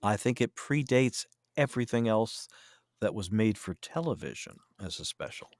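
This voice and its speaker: A man's voice: on the low side, very animated, moderate pace, dry recording, clean studio sound. Inquisitive man, podcast chat. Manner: inquisitive, steering talk with questions. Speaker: podcast co-host. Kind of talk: casual round-table chat.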